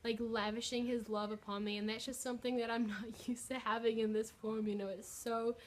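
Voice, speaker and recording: A woman's voice: a little high, little pitch movement, brisk, slight background noise. A young woman, chatting in a bubbly, filler-heavy way as she shares a personal faith story on her vlog. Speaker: vlogger. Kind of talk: casual testimony vlog.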